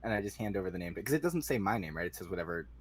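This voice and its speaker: A man's voice: deep voice, lively intonation, very fast, slightly rough. A man playing a tabletop game, describing his character's actions hesitantly. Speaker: player. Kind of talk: casual tabletop play.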